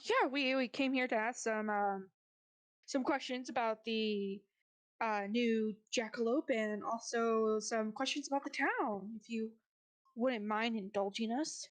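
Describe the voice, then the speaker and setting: A woman's voice: fairly high pitch, unhurried. A woman playing in a tabletop game, casual and joking. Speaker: player. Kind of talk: tabletop role-play, playing a character.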